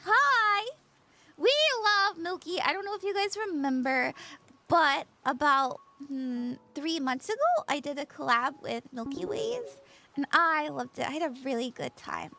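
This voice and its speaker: A woman's voice: sits high, expressive, a little slow, creaky, pushed and bright, a little hiss or hum. A bubbly, giggly woman chatting casually with her livestream audience as a tarot reader, just woken up. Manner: bubbly, giggly, greets chat by name. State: just woke up.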